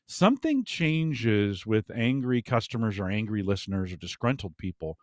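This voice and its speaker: A man talking as a guest in a casual podcast chat, animated and often chuckling, with frequent restarts. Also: fairly low pitch, moderate pace, hardly any pauses, no room sound, clean studio sound.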